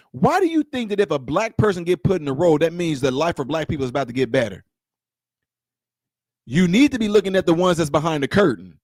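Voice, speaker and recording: A man's voice: fairly high pitch, no room sound, studio quality. A man delivering a confrontational political rant to camera, repeating his points and firing rhetorical questions. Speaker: political commentator.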